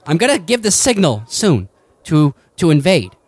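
A man's voice: very animated, moderate pace, slightly rough, no echo. A man voicing a weary, rambling male rebel leader in a tabletop game, sighing as he talks. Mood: urgent. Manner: sighing, rambling, high-strung. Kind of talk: tabletop role-play character voice.

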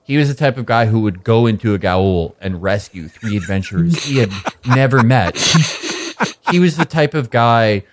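Man, tabletop player, lowish voice, impassioned, rambling. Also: expressive, moderate pace. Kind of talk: in-character role-play.

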